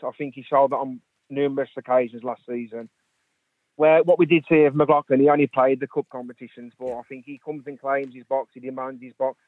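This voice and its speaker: A man's voice: medium pitch, fairly even intonation, brisk, dry recording. A man from the West Midlands calling in to a radio phone-in, talking earnestly with many "um"s and "I think"s. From West Midlands, England. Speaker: caller. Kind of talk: phone-in chat. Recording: tinny phone line.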